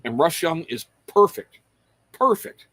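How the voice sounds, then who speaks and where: A man's voice: mid-range voice, normal speed, fairly bright tone, no room sound. A middle-aged man hosting a livestream, chatting casually and rambling to viewers, calling out their names and swearing freely. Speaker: livestream host.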